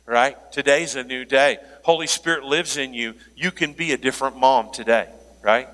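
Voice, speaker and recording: A man preaching a sermon as pastor, animated, joking aside and laughing now and then. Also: medium pitch, moderate pace. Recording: long hall reverb.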